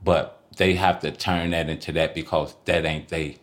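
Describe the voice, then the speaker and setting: A middle-aged man from Oakland, California, chatting casually as a podcast guest, boastful and quick to laugh. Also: a bass voice, flat delivery. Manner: boastful, laughing, colloquial street talk. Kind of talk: casual chat.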